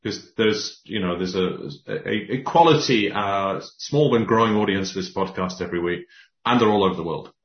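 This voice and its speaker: A man telling stories as a guest in a casual podcast chat, animated and full of restarts. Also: fairly low pitch, moderate pace, echoey room, highs cut off. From Scotland. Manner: animated storyteller, many restarts. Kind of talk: casual conversation.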